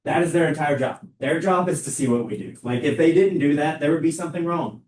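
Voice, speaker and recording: Loud, emphatic male sales trainer. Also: fairly high pitch, a little fast, slight background noise. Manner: loud, energetic, emphatic delivery. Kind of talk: live sales training talk. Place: training room with an audience. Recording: echoey room, mic far off.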